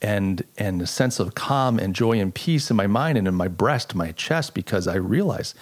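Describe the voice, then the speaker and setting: A man's voice: fairly low pitch, animated, normal speed. A middle-aged man hosting a solo podcast, talking in an earnest, reflective way and telling stories with frequent restarts. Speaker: podcast host. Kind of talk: casual solo podcast monologue.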